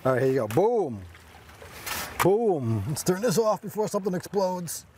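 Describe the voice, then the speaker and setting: A middle-aged man with a New York accent banters as he cooks out on a small boat. His fast, mumbled words run together, and his pitch rises and falls a lot. Faint outdoor noise sits behind him. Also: big pitch swings. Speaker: co-host of a fishing channel. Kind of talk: casual chat while cooking.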